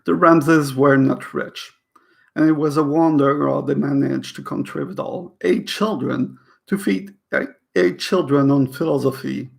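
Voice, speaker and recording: A man's voice: mid-range voice, fairly even intonation, unhurried, vocal fry. A man reading a novel aloud in a casual way, stumbling over words, rereading them, and breaking off into chatty comments. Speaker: reader of a novel. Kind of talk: casual read-aloud with asides.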